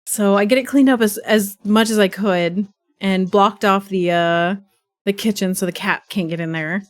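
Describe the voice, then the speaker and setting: A young woman livestreaming, telling a chaotic story in a rambling, profane, animated way, with a stuffy nose from sneezing. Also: medium pitch, normal speed. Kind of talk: casual chat.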